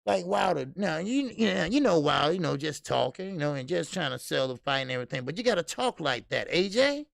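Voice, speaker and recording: A man's voice: on the high side, very animated, fairly quick, vocal fry, a bit bright, no echo, clean studio sound. A man hosting a boxing channel, talking in a casual livestream style, blunt and profane with lots of repeated fillers.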